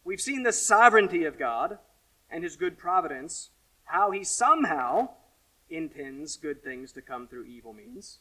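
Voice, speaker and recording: A pastor giving a sermon, earnest, rising to emphatic questions and falling to quiet asides. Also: male voice, fairly high pitch, very animated, a little slow, far from the mic, low-quality recording.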